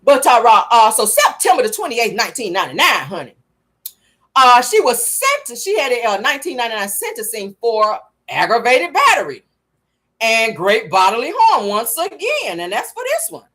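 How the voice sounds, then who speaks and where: A woman's voice: fairly high pitch, big pitch swings, moderate pace, fairly bright tone. A woman vlogger giving sassy, blunt gossip commentary from her car, laughing often and swearing freely. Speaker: vlogger and show host.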